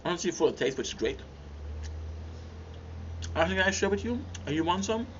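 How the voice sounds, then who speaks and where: This young man is hosting a livestream, eating and chatting easily with his viewers, breaking off to chew and hum between mouthfuls. His voice sits high at a normal speed. The stream audio is dull and lo-fi, with a faint background hum.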